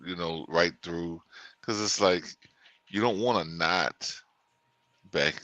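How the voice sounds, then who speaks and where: A male co-host in casual chat, halting and often losing his train of thought. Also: deep voice, sharp tone.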